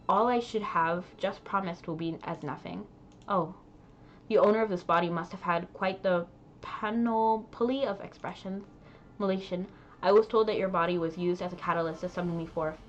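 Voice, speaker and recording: A woman voicing a solemn, ancient divine female spirit in a game, speaking in slow, grave, formal proclamations. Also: lowish voice, lo-fi sound, natural voice. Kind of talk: reading game dialogue aloud.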